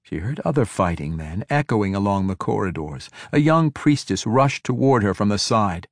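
Man narrating fantasy audiobook, low voice, dry close sound, measured dramatic delivery. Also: very animated, no room sound.

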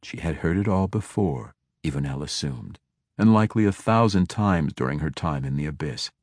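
A man narrates a fantasy audiobook in a very deep voice. His delivery is measured and even, taking each sentence at a steady storytelling pace. The recording is dry and close, with no room sound. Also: dry recording.

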